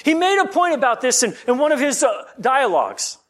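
A male pastor with a very high voice that rises and falls a great deal as he preaches. He reads scripture in a measured way, then shifts into loose, conversational teaching with frequent restarts. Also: big pitch swings, a bit bright. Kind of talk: sermon.

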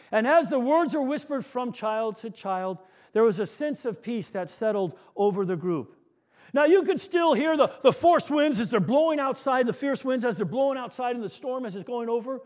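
A man preaching a sermon, telling stories and dropping to a soft hush on key lines. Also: extremely high pitch, lively intonation, fairly quick.

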